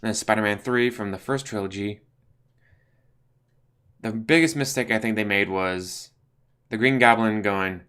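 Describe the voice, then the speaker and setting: A man's voice: lowish voice, normal speed, long pauses, fairly bright tone, clean tone. A man hosting a casual movie commentary, ranting bluntly, swearing and filling his talk with "like". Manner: blunt, ranting, profane, lots of fillers. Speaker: channel host.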